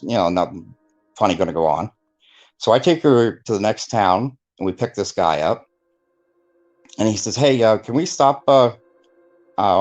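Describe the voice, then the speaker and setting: Rambling low-voiced man telling a story. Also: darkish tone, muffled recording. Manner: rambling, filler-heavy, acts out quoted voices. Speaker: guest telling his testimony. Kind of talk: casual storytelling interview.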